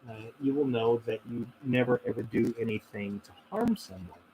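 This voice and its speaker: A man's voice: medium pitch, lively intonation, moderate pace, creaky, dark tone, a little hiss or hum, poor audio. A man hosting a casual question-and-answer stream, talking in a reflective, rambling way with many fillers and restarts. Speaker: host answering viewer questions. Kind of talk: casual livestream Q&A.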